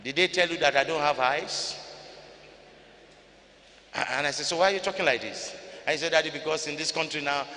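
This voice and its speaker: An older male pastor from Ghana preaching a sermon in a church hall. He repeats phrases for emphasis and swings between loud rises and low drops. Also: brisk, pauses often. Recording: church hall reverb, light noise.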